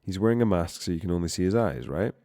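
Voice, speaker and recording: Deep, warm, and expressive, this young man's voice moves at a quick pace as he casually chats on a coding live stream, rambling, cursing, and frequently stopping mid-word. The recording is dry and studio quality.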